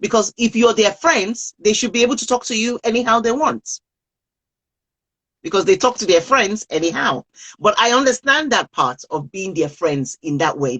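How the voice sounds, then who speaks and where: A woman's voice: medium pitch, a bit bright, slightly rough, rough recording. A woman coaching parents on a live video call, speaking earnestly and repeating key phrases for emphasis.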